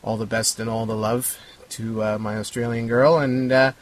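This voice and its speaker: A man's voice: lowish voice, flat delivery, normal speed. A man from Canada, co-hosting a casual podcast in an easygoing way. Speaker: podcast co-host.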